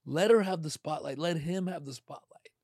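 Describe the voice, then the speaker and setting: A middle-aged man in casual podcast chat, animated and acting out quoted voices. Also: a little high, moderate pace, husky, no echo, studio quality.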